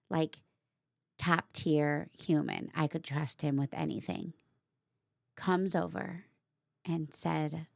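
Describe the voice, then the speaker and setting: Woman, low voice, vocal fry, candid casual storytelling, dry close sound. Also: no echo. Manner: candid, animated, casual with fillers and laughs. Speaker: vlogger host. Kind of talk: personal storytelling monologue.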